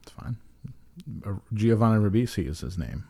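A man's voice: fairly low pitch, expressive, normal speed, dark tone, husky. A man co-hosting a casual chat who jokes around and often trails off mid-thought. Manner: joking, trails off, does bits.

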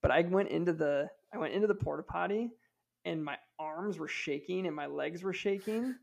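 A man's voice: sits high, normal speed, vocal fry. A man in his thirties, a podcast co-host, telling a personal story in a chatty way with lots of fillers and restarts. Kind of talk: casual storytelling.

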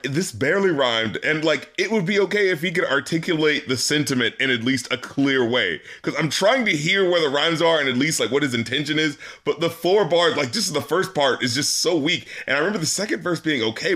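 A man's voice: a little high, pushed and bright. A man co-hosting a podcast, chatting casually about an album, laughing often and dropping into mocking quotes. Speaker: podcast co-host. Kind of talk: casual album-review chat.

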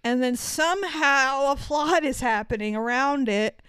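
Sweary, animated woman podcast host. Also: high-pitched, measured pace, no room sound. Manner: profane, animated storytelling with mock quotes. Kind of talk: casual chat.

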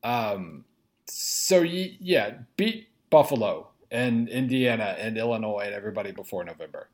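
A man's voice: on the low side, animated, moderate pace. A man co-hosting a sports podcast, chatty and wry with rambling asides. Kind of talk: casual sports podcast chat.

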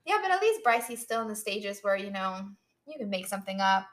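A woman's voice: medium pitch, very animated, brisk, a bit bright. A young woman co-hosting a casual chat, animatedly acting out her own inner dialogue and swearing freely. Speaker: co-host.

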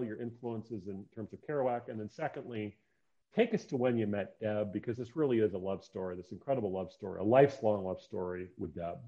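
Male host, jokey and animated, rambling questions, slightly dull recording. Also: lowish voice. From upper Midwest near Minnesota. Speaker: interview host. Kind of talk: casual podcast interview.

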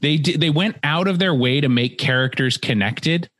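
A man's voice: fairly high pitch, normal speed, a bit bright, dry recording. Man, sardonic, casual movie-review chat, dry close sound. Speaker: podcast co-host.

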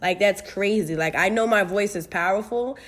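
A woman's voice: medium pitch, normal speed. Podcast host, young adult woman, casual and profane, talks straight to her listeners, mid-range voice. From United States. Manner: candid, profane, animated with bursts of laughter. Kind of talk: casual solo podcast chat.

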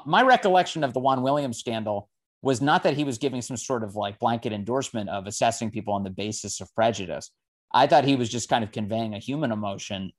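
A man with a medium-pitched voice in relaxed conversation. He talks loosely and at length, dropping in "like" and "um" as he lays out his view. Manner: conversational, laughs easily, many "like" and "um" fillers. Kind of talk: casual conversation.

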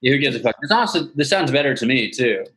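A man as a podcast guest, telling animated casual stories over a video call and swearing freely. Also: medium pitch, quick pace, background noise. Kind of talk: casual storytelling chat. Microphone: device mic on a video call.

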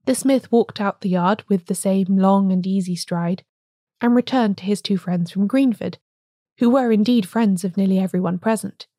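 A woman reads a classic story aloud in a steady, measured way. Her voice is warm and mellow, at a middle pitch. The recording is dry and close, with no room sound. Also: dry recording. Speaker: audiobook narrator. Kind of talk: scripted narration.

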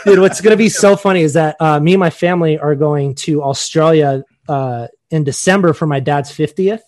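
Laughing American man, slightly high. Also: moderate pace. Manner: laughing, jokey, animated. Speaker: podcast co-host. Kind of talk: casual chat.

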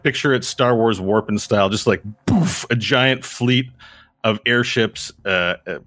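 Excitable male game master. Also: lowish voice. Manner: excited rambling narration with fillers. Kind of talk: narrating a tabletop game.

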